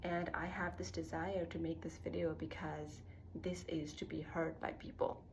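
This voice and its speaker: Gravelly-voiced young woman rambling casually. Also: low voice, flat delivery, normal speed, a little hiss or hum, rough recording. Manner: rambling, heavy use of "like" fillers; laughs easily at herself. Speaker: vlogger. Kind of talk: casual personal monologue.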